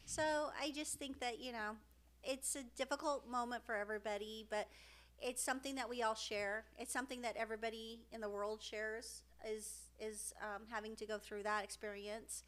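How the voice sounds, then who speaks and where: A woman's voice: a little high, fairly even intonation, normal speed, fairly bright tone. Earnest, emotional middle-aged woman. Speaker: podcast co-host. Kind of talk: casual heartfelt podcast chat.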